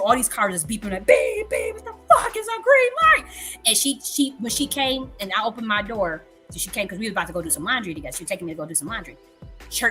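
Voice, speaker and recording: This medium-pitched, sharp-toned voice belongs to a woman in her 30s hosting a casual livestream. She tells her story candidly, with lots of profanity and repetition to drive her points home.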